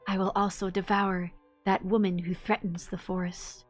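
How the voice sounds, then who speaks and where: A woman's voice: medium pitch, little pitch movement, moderate pace, faint music behind, natural voice. A woman voicing a menacing, hungry snake god of the forest while reading game dialogue aloud in her own voice. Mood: threatening.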